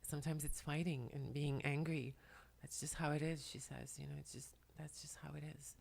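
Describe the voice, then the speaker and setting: Her voice is low-pitched, steady and gravelly, yet she cries as she addresses the camera from home, relaying messages in a soft, faltering manner that frequently drops to a whisper. She is a spiritual channeler and makeup vlogger, and the camera's own mic captures this emotional channeling talk.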